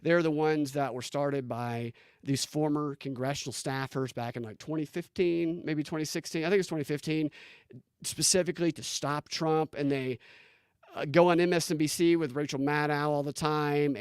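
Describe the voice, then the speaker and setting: Incredulous man in animated commentary, dry close sound. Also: fairly high pitch, moderate pace, clean tone, no echo. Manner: animated, incredulous, restarts often, reads posts aloud. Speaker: political commentary show host. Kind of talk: casual on-screen commentary.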